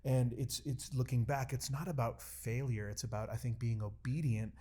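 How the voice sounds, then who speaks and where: A male pastor chatting on a church podcast. His voice sounds mellow and dark. He tells his stories haltingly, with fillers and restarts, and plays out the quoted lines with growing excitement. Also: medium pitch. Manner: animated storytelling, acts out quoted dialogue. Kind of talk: casual podcast chat.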